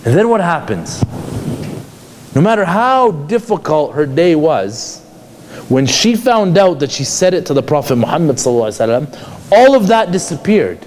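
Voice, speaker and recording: Animated male lecturer, lively pitch. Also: normal speed. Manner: animated, asks many rhetorical questions. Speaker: psychologist teaching a class. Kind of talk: conversational lecture.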